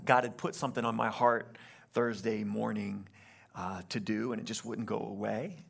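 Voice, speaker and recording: A young adult man, a pastor, telling a story in a sermon in an animated way and acting out the quotes. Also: mid-range voice, creaky.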